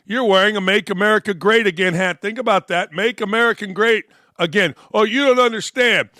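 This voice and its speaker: A man's voice: high voice, brisk, sharp tone, dry recording, clean studio sound. A man hosting a sports talk show, giving blunt, sarcastic and mocking opinion commentary.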